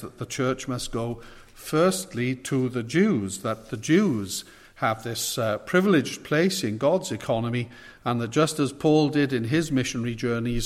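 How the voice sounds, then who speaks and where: A man preaching a sermon with a measured, emphatic delivery, pausing often and using fillers. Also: mid-range voice. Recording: long reverb of a hall.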